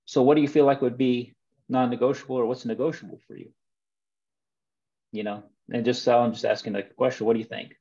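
A man's voice: mid-range voice, little pitch movement, fairly quick, mellow. A man hosting a coaching webinar, folksy and fond of stories and questions. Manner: folksy, storytelling, asks questions. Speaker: webinar host for soccer coaches. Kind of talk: casual coaching talk. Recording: muffled lo-fi audio.

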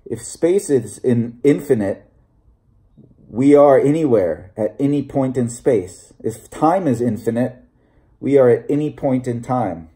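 A man voicing a secretive Scottish Presbyterian bible peddler in a low, hushed, confiding voice, read as an audiobook. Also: expressive, a little slow, close to an everyday voice. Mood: musing. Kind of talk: audiobook reading.

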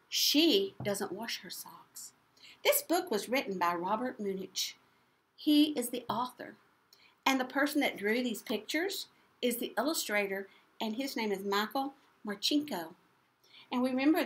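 Woman preschool teacher, storybook read-aloud, bright and lively. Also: on the high side. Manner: animated and playful, asking the children questions. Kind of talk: reading a picture book to children.

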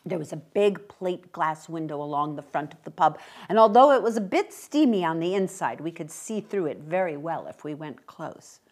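A woman reading a short story aloud with expressive, brisk narration. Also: low-pitched. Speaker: reader.

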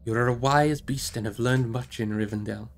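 A man voicing a grave, commanding old male wizard in an audiobook reading, measured and solemn. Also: mid-range voice, gravelly, a little hiss or hum, natural voice. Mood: gentle.

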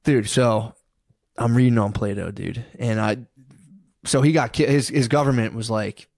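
A young man rambles through a story on a podcast, tossing "dude" into nearly every line and dropping into a lower register to act out what people said. His voice sits at an ordinary middle pitch. The sound is close and dry, with no room around it. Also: normal speed, creaky, darkish tone, no echo. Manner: rambling storyteller, says "dude" constantly, acts out quotes in a low voice. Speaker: podcast co-host. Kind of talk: casual chat.

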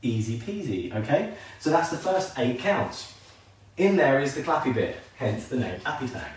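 A man's voice: mid-range voice, big pitch swings, normal speed, far from the mic. A man teaching a live line dance class from home, upbeat and calling counts in rhythm while he dances. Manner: upbeat, calls counts rhythmically, jokes about himself. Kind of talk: live online dance lesson. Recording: very echoey room, voice off-mic, faint noise.

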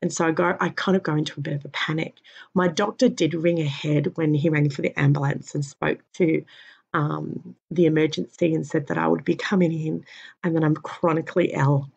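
A tired woman in pain, giving a halting personal health update with many pauses and fillers. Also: low voice, steady tone, gravelly, darkish tone, breathy edge. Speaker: vlogger. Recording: dull lo-fi recording.

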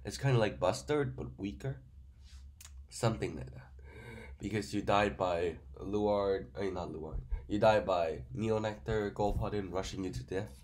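A man with a fairly low voice who is sick, talking through a card review. He rambles with many fillers and uses grammar. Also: a little slow, darkish tone. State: sick, stuffy voice.

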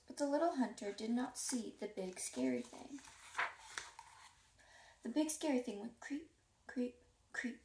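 High gravelly woman reading a storybook. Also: a little slow, long pauses, echoey room, distant mic, a little hiss or hum. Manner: lively, plays up sound words and dialogue. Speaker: reader. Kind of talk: children's storybook read-aloud.

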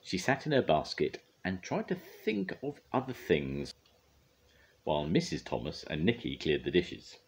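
Older guy reading a picture book to the grandkids, deep voice, swoops all over. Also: measured pace, slight background noise. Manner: lively and expressive. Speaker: grandfather storyteller.

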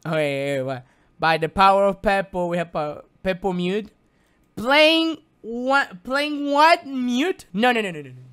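A man whose first language is Spanish, streaming a game live with excitable, theatrical commentary that jumps from muttering to yelping. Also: high-pitched, measured pace, smooth. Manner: excitable and theatrical, swinging between mutters and yelps. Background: game music.

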